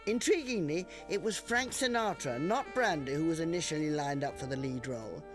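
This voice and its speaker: A man narrates a documentary in a smooth, fairly high voice, with an even, scripted delivery. Music plays clearly underneath. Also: brisk.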